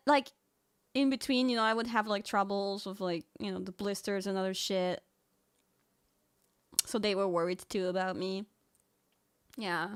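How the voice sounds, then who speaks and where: A young woman streamer chatting casually with her viewers, excitable and often laughing, swearing now and then. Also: mid-range voice, clear, resonant tone, no echo. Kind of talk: casual livestream chat.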